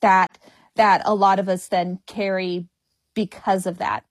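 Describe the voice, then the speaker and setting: A woman's voice: mid-range voice, little pitch movement, unhurried, no echo. A woman comedian speaking frankly and humorously in an interview, stuttering and repeating the first sounds of words. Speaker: comedian guest. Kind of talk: candid interview conversation.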